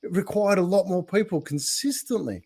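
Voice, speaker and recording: Male host, higher voice, agreeable, lists ideas when he speaks up. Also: normal speed, darkish tone, breathy edge. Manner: encouraging, agreeable, builds points in lists. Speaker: podcast host. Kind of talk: conversational interview.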